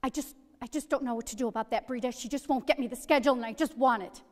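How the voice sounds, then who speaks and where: A fretful elderly mother speaks in an agitated, insistent way, as her daughter quotes her in a story. The voice sits a little high and rings with a long hall reverb. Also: expressive, fast talker, a little mellow.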